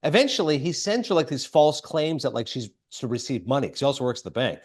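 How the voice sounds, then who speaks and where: Male podcast host, brisk, chatty film recapper, filler-heavy. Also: mid-range voice, expressive, husky. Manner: rambling, filler-heavy retelling with quick quoted asides.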